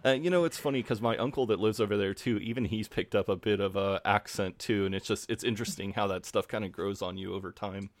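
A man's voice: on the low side, fast talker, hardly any pauses. A man co-hosting a podcast in casual chat, speaking hesitantly with many fillers. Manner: hesitant, many ums and you-knows. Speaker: podcast co-host.

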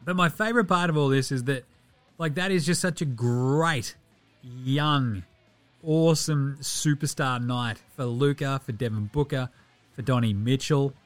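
An Australian man hosting a casual sports podcast, joking, swearing and jumping into bursts of excitement. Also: medium pitch, a little slow, faint music behind. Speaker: podcast host.

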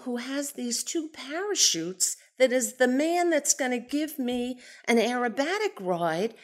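A woman telling a personal story in an animated, expressive way, swinging from excited to hushed. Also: mid-range voice. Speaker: storyteller, aviation enthusiast.

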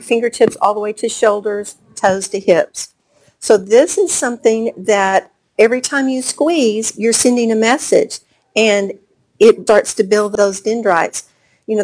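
A woman presenting to homeschooling parents, explaining child brain development and telling stories that she acts out. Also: mid-range voice. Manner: warm storytelling with acted-out quotes. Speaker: speaker on gifted children's development.

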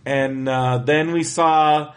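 A man co-hosting a podcast in casual chat, talking excitedly and rambling with lots of fillers. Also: on the high side, slow pace, clean tone. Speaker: podcast co-host.

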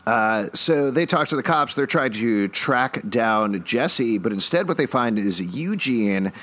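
A man's voice: medium pitch, animated, a little slow, fairly bright tone. A man hosting a podcast, casually recapping a TV episode with dry asides. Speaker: podcast host.

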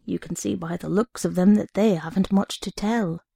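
A woman's voice: lowish voice, fairly even intonation, moderate pace, gravelly, mellow, husky, dry recording, clean studio sound. A woman reading aloud, voicing a young male priest who scolds and hisses in anger. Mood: gloomy. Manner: scolding, hissing. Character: angry young male priest, gruff then gloomy.

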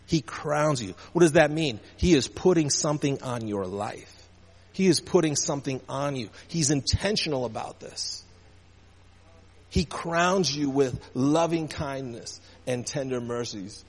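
A man's voice: mid-range voice, lively intonation, measured pace, husky. Man preaching a sermon in church, calls for amens, long hall echo. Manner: call-and-response preaching, rising and falling emphasis. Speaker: pastor. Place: church sanctuary.

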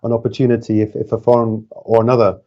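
A man's voice: mid-range voice, little pitch movement, fast, lo-fi sound. A man interviewing a business executive, asking probing questions in a conversational way with some hesitant fillers.

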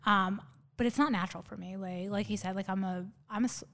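A woman's voice: mid-range voice, steady tone, brisk, a bit bright. Nervous rambling woman in her thirties. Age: 30s. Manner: rambling, many likes and restarts. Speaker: podcast guest. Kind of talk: casual rambling storytelling.

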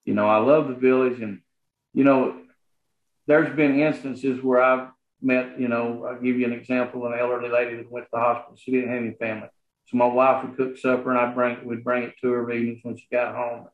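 A man's voice: mid-range voice, flat delivery. Southern guy being interviewed, earnest, lots of uhs and restarts, tinny echoey sound. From Arkansas, USA. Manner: earnest, halting, many fillers and restarts. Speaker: guest, property association manager. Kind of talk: casual interview talk. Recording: roomy, phone-like sound.

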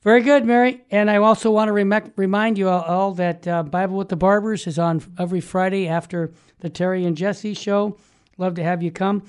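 This is a Christian talk show host with an upbeat, emphatic delivery. The voice sits at a middling pitch, and the host keeps affirming the co-host while moving through news items. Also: fairly even intonation, fairly quick, clean tone. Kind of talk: casual conservative Christian talk show chat.

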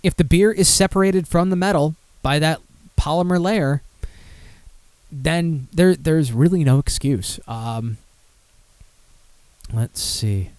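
A man's voice: fairly high pitch, slow, pauses often, a little mellow, dry recording. A man casually hosting a beer podcast, rambling and swearing as he reads listener comments aloud. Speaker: podcast host.

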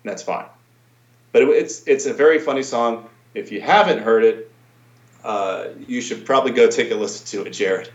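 A man's voice: mid-range voice, moderate pace. A man co-hosting a casual podcast, rambling and thinking aloud. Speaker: podcast co-host. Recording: roomy, dull home mic.

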